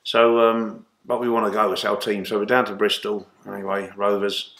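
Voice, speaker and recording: A man, a guest in an interview, telling long animated anecdotes full of restarts and fillers. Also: on the low side, moderate pace, vocal fry. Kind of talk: casual storytelling interview. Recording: roomy echo.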